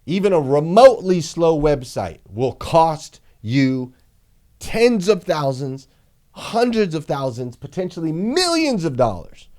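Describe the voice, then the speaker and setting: A man's voice: a little high, a little slow. Emphatic male business coach. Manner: energetic, emphatic, repeats points for punch. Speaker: dealership marketing coach. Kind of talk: motivational business training talk.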